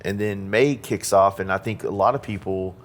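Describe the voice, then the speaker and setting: A man's voice: sits low, moderate pace. A man hosting a podcast, chatting casually and loosely with lots of "like" and "you know". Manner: relaxed, loose talk full of "like" and "you know". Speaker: podcast host. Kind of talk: casual interview chat.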